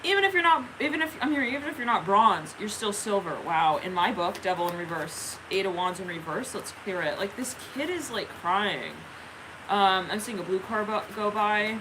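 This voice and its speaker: A woman's voice: medium pitch, animated, moderate pace, background noise. A woman giving a casual tarot reading, rambling and giggling often. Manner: giggly, rambling, stream-of-consciousness. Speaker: tarot reader.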